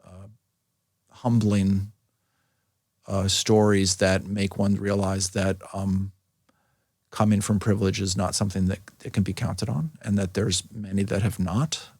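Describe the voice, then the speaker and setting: A middle-aged man speaks as an interview guest in a low, gravelly voice with a breathy, husky edge. He talks thoughtfully, stopping and restarting often. The sound is close and dry, with no room around it. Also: steady tone, a little mellow, no room sound. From New York City. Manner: thoughtful, halting, many fillers and restarts. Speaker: medical school dean and hepatologist, interview guest. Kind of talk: casual interview.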